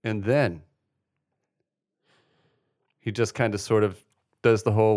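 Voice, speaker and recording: A man's voice: fairly low pitch, fairly even intonation, slow pace, darkish tone. A man co-hosting a podcast, chatting casually about a comedy film with wry, joking asides. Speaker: podcast co-host. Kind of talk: casual chat recapping a film.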